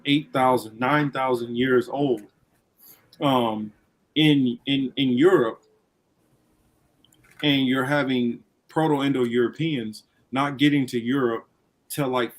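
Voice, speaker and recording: Male livestream host, rambling offhand delivery, blunt, mid-pitched voice. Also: low-quality recording. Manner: rambling, blunt, swears casually. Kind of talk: casual livestream talk.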